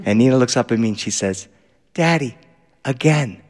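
A middle-aged man telling a story live, animated, acting out voices and bursting into shouts. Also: lowish voice, very fast. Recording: live hall reverb.

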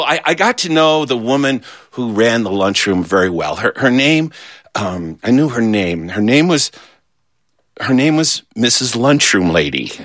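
A man telling a funny childhood story in an animated, playful way, acting out bits as he goes. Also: medium pitch. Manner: animated, playful, with voiced asides. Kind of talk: humorous storytelling.

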